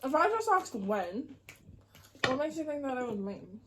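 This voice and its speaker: Lively young woman, teasing. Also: sits high, moderate pace, noisy background. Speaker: vlogger's daughter. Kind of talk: casual mukbang chat.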